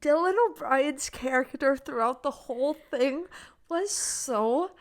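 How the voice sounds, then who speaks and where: High-voiced giggly young woman. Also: slow pace. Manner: giggly, gushing, many "like" fillers. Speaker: podcast co-host. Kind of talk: casual chat.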